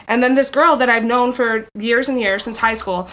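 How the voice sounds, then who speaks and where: A woman's voice: a little high, a little fast, bright, forceful tone. A woman on a casual podcast, chatty and swearing casually, with lots of filler words. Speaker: podcast co-host.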